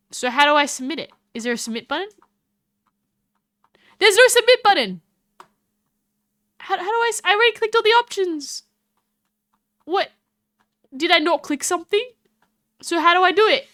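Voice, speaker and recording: A high-voiced woman chats casually on her live stream. She is animated, laughing often and tripping over her words. Her voice sounds bright and dry, with no room around it. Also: normal speed, pauses often, no echo. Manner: chatty and animated, with frequent laughs and restarts.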